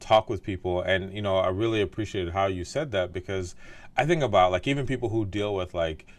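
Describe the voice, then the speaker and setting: A man's voice: low voice, brisk. A man hosting an interview who talks in a thoughtful, casual way, filling his sentences with "like" and "right?". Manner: thoughtful, heavy use of "like" and "right?". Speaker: podcast host, doctor.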